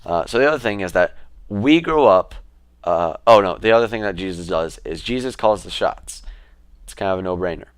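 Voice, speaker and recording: A man's voice: sits low, animated, fairly quick, clean tone, no room sound. A man vlogging in a casual, rambling way, often getting sidetracked. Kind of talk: casual vlog talk.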